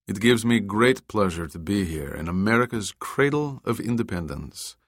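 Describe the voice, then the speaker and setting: A man's voice: lively intonation, normal speed, dry recording, studio quality. A man reading the lines of an authoritative Russian tycoon making a public speech. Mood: grand. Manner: deep, commanding speechmaking.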